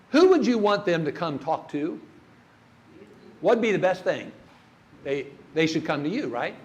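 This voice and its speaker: An older man giving a church workshop talk on grief, folksy and storytelling, asking the audience questions. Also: high voice.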